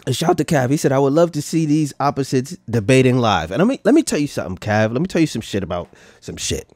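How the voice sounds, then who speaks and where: A man's voice: medium pitch, very animated, quick pace, darkish tone, dry recording. A man hosting a podcast, reacting to clips with profane, boastful casual commentary and frequent laughter. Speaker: podcast host.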